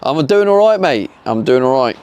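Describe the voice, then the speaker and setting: A man's voice: mid-range voice, expressive, normal speed, darkish tone, highs cut off, slight background noise. A British man streaming live, chatting casually with viewers and laughing often as he works. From Britain. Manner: chatty, laughs often, answers chat while working.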